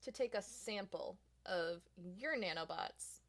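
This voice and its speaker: A woman's voice: medium pitch, lively intonation, measured pace, gravelly, fairly bright tone. A woman chatting casually as a tabletop game player, asking practical questions. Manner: inquisitive, practical.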